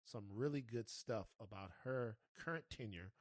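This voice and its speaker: A man's voice: lowish voice, normal speed, no room sound, studio quality. A man hosting a podcast, asking playful questions in a casual chat. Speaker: podcast host.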